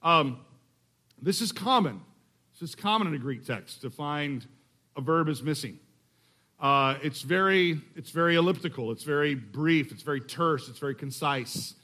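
Middle-aged man from Texas, slightly high voice, casual sermon delivery with deliberate scripture reading. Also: bright, forceful tone. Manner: conversational, restarts phrases, slows to read scripture. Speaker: pastor.

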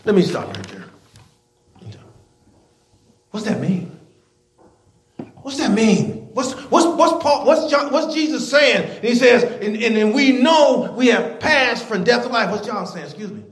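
A man's voice: very high voice, very animated, unhurried, pauses often, echoey room. A man preaching a sermon to his church, folksy and emphatic, drawing the congregation in. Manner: folksy, emphatic preaching with call-and-response and chuckles. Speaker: pastor. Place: church sanctuary.

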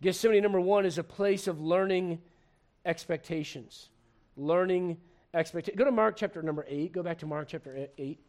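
High-voiced pastor guy from puerto rico, jokey sermon, keeps restarting his sentences. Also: moderate pace. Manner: animated, joking, restarts sentences, acts out voices.

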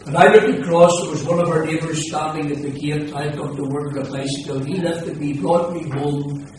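A man's voice: on the high side, a little fast. An older pastor giving his personal testimony in earnest, emphatic storytelling, his voice rising on the key moments. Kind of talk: personal testimony before a congregation. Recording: echoey hall, distant mic, steady noise.

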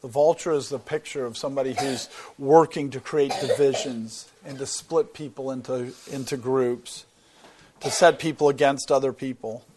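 A man's voice: mid-range voice, fairly even intonation, moderate pace, background noise. A man teaching a Bible sermon, explaining things earnestly and often repeating words as he thinks. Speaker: preacher.

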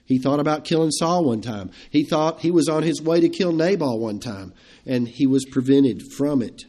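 A man giving an evening sermon in a somewhat high-pitched voice. He preaches conversationally, with emphatic swells and questions to his listeners. He chuckles now and then between points. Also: lively intonation, moderate pace, mellow. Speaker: pastor.

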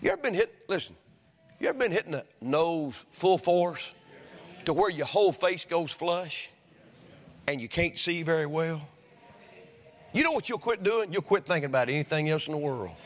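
A pastor preaching a sermon, telling folksy personal stories that build into fervent preaching. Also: male voice, on the high side, animated, brisk, in a large hall. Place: church sanctuary.

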